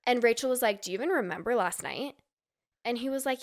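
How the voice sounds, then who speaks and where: A woman's voice: on the high side, a little fast. A woman from Utah, a podcast guest, telling a long gossipy story in casual chat and acting out the people she quotes.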